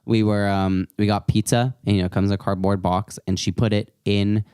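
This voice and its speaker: A man's voice: fairly low pitch, little pitch movement, fairly quick, darkish tone, clean tone, no room sound, studio quality. A young man co-hosting a podcast, telling rambling jokey stories in casual chat. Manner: joking, rambling storyteller. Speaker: podcast co-host.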